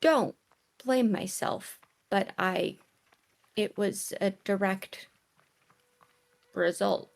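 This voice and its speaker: A woman playing a tabletop game, speaking in character in a hesitant, halting way with many restarts. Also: mid-range voice, vocal fry. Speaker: player. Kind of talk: in-character tabletop role-play.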